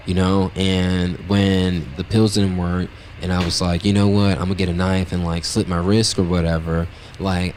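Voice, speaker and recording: A man's voice: sits low, slight background noise. A man telling a long personal story on his podcast in a blunt, profane, rambling way, peppering it with "like" and "right?". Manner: blunt, profane, brutally honest; loose and rambling, heavy with "like" and "right?". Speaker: podcast host. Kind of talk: casual storytelling monologue.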